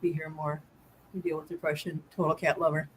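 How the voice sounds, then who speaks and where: A woman's voice: low voice, little pitch movement, fairly quick, a little hiss or hum. A woman hosting a casual live-stream chat from home, laughing often and cooing at her cats. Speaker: host.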